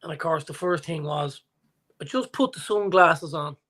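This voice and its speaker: Animated Irish man in his forties. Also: fairly high pitch, moderate pace. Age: 40s. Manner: animated storyteller, acts out quotes. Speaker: podcast co-host. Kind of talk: casual chat.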